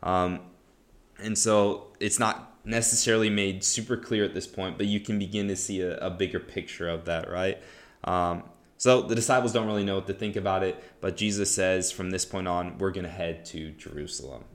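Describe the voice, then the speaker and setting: A man's voice: lowish voice, moderate pace. A man hosting a podcast, explaining a Bible story in a casual teaching style, with frequent "right?" and "um" fillers. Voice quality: relaxed, conversational, lots of "right?" and "um".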